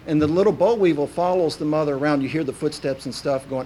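A man delivers a sermon in a folksy, storytelling manner, often pausing on "uh." His voice sits somewhat high for a man. A faint low rumble runs under the recording. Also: fairly even intonation. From Kentucky, USA. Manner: folksy and anecdotal, with frequent "uh" fillers. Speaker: preacher.

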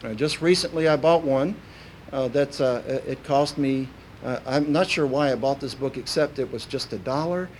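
A man's voice: mid-range voice, moderate pace, a little mellow, a little hiss or hum. A man from preaching a sermon in a folksy, anecdotal way, with many "uh" fillers. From Kentucky, USA.

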